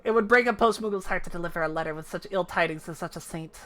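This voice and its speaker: A woman voicing a small, excitable moogle postal creature, chirpy and pleading as she reads game dialogue aloud. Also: fairly low pitch, quick pace, lightly acted. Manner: chirpy, pleading, says kupo.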